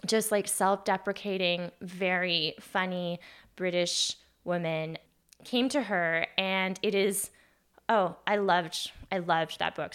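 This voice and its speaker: A woman's voice: mid-range voice, a bit bright, smooth. A woman in her thirties hosting a solo podcast, talking in a chatty, earnest way full of "like" and self-corrections. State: briefly emotional, voice catching. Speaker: podcast host.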